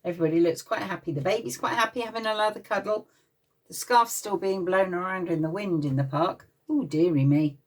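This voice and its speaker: A woman's voice: on the low side, distant mic. A woman reading a picture book aloud to small children at playgroup, with an English accent, stopping often to chat and get them to join in. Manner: lively, expressive, pauses to talk to the children. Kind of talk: read-aloud storytime for young children.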